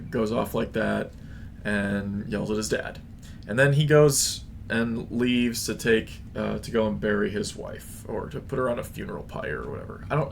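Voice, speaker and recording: Young male reviewer, gravelly, informal and opinionated. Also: medium pitch, a little hiss or hum. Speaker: book reviewer. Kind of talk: casual retelling.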